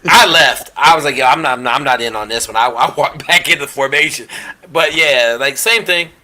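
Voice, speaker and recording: A man, a former SEAL on a panel, telling stories in casual chat and shouting out the quoted lines. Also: mid-range voice, brisk.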